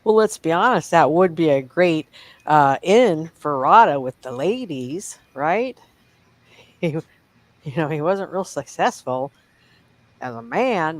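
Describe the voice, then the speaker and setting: A woman's voice: low voice, lively intonation, takes it slowly, dry recording, poor audio. A woman from the Midwest co-hosting a casual livestream chat, gossipy and teasing, chuckling as she talks. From Midwest United States. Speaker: livestream co-host.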